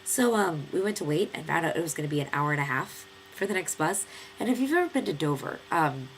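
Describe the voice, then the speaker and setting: A young American woman in her twenties tells a long story in a rambling vlog, stuffy-nosed from a cold. Her voice sits fairly low and has a gravelly, fry-laden edge. There is a faint hiss of noise under her voice. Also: quick pace. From United States. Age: 20s. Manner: chatty, lively storytelling with many fillers and acted quotes. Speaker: vlogger.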